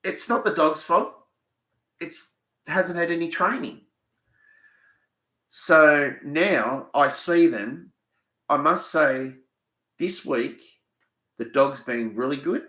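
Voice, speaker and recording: A man's voice: a little high, takes it slowly, long pauses, bright, forceful tone, echoey room. An Australian man hosting a live Q&A, rambling and swearing as he tells a story bluntly. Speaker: fishing channel host. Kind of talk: live Q&A chat.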